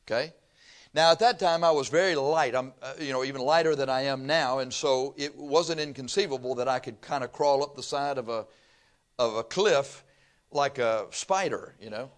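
A man's voice: mid-range voice, normal speed. An older man from Texas, preaching a sermon through folksy, humorous stories. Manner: folksy storytelling with laughter.

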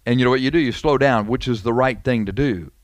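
A man's voice: medium pitch, fast, no echo. A man preaching a sermon in a conversational, emphatic way, repeating phrases and asking the listeners questions.

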